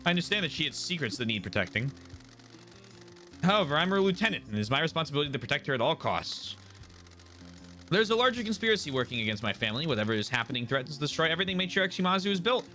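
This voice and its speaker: A man's voice: on the high side, very animated, rapid-fire, pushed and bright, faint music behind. A man reading as an earnest gang lieutenant. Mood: determined. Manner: earnest, determined. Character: loyal, earnest young male gang lieutenant.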